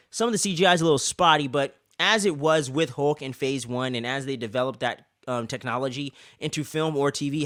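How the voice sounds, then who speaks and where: A man co-hosting a casual review show, rambling and swearing as an excited fan. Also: medium pitch, no echo, studio quality. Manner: rambling, profane, excitable fan talk with many fillers. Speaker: podcast co-host reviewing an episode.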